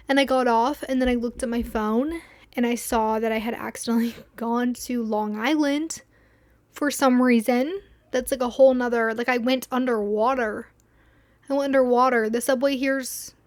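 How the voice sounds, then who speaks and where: A young woman with a slightly high voice tells a story to the mic in casual solo talk. She rambles and acts out her own asides. The sound is dry and close, with no room around her. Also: no echo. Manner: rambling, animated retelling with quoted asides. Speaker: podcast host.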